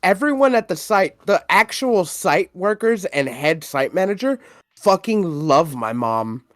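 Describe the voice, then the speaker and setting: A podcast co-host in casual chat, telling a story with lots of swearing and laughter. The voice sits at a middling pitch and is recorded close and dry, with no room sound. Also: a little slow, dry recording. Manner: profane, animated storytelling with frequent laughter.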